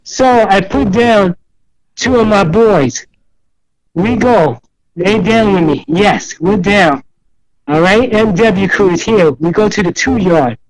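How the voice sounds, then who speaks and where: Taking his time in a high-pitched voice, an older New York City man tells rambling stories as a guest in an easygoing interview. He's an animated narrator who performs the other voices in quotes, captured on a rough recording.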